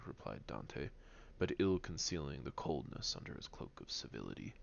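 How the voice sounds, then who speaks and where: A man reading a novel aloud, pausing to comment and sometimes stumbling and rereading lines. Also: a bass voice, very animated, vocal fry, a bit bright, muffled recording. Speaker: reader.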